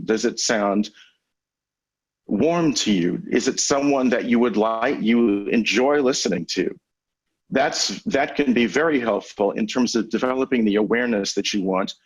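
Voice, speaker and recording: A man coaching lawyers on public speaking in a webinar over a video call, teaching in a measured, conversational way with deliberate pauses. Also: lowish voice, husky, poor audio. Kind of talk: webinar lecture. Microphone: video call microphone.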